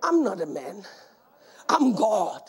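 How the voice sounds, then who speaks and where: A woman voicing God as a stern, deep male deity. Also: sing-song, takes it slowly, husky, heavily acted. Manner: firm, commanding, deep put-on voice.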